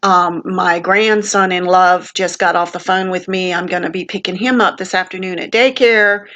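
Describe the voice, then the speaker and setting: A woman's voice: lowish voice, fairly even intonation, moderate pace, fairly bright tone, dull audio. An older woman, vlogging from a family home in a rambling, heartfelt way with many fillers, sick with a sinus infection. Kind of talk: casual rambling vlog.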